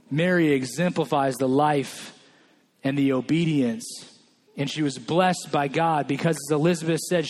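A man's voice: high voice, a little mellow. A male pastor from California preaching a sermon, telling a personal story with quoted dialogue.

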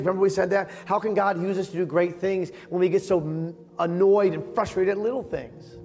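A man preaching as a pastor, leading his congregation in a quiet prayer of confession and speaking the confessions for them. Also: sits high, steady tone, fairly quick, few pauses, faint music behind. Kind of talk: sermon and altar-call prayer.

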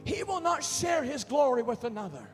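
A man preaching a fervent sermon as a pastor, swinging from quiet asides to loud exclamations. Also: very high-pitched, sing-song, moderate pace, over music.

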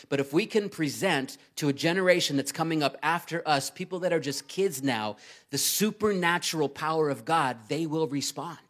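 Emphatic male preacher, fairly high voice. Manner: earnest and emphatic, swings between loud urgency and quiet reading. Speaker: pastor. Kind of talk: sermon.

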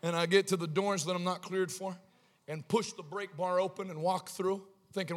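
A man's voice: sits high, steady tone, moderate pace, big-room sound. A male preacher telling a humorous story in his sermon, in a wry, conversational way.

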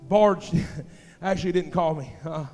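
A male pastor preaching a fervent sermon in a church, swinging between hushed, intimate passages and loud, shouted exhortations. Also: a little high, measured pace, long reverb tail, soft background music. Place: church sanctuary.

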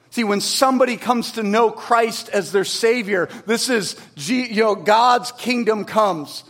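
A man preaching a sermon in an earnest, conversational way, swinging between emphatic peaks and quiet low passages. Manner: conversational with tag questions and restarts. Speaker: pastor.

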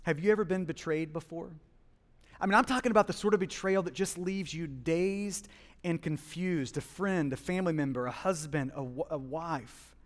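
A man preaching a sermon as pastor, with passionate swings between hushed and loud emphasis, speaking in a church. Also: a little high, normal speed, long reverb tail. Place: church hall.

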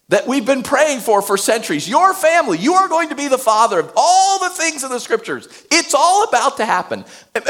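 A male pastor giving a sermon, animated, swinging between loud emphasis and hushed tones. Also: very high-pitched.

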